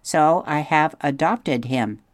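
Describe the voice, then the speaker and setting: A man voicing a calm, polite female robot who speaks in formal, measured sentences. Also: a little high, dry recording, voice pushed up. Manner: formal, even, measured speech.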